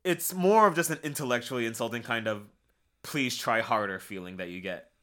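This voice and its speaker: A man's voice: medium pitch, very animated, quick pace, bright, forceful tone. A tipsy man co-hosting a casual review chat, sardonic and swearing freely. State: tipsy from drinking. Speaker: podcast co-host.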